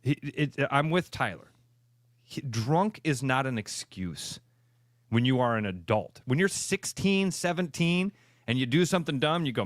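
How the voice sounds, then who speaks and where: A man's voice: mid-range voice, expressive, moderate pace, dry recording, clean studio sound. Blunt, ranting radio co-host man. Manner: blunt, emphatic ranting with crude language. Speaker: radio sports talk co-host. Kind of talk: opinionated sports radio banter.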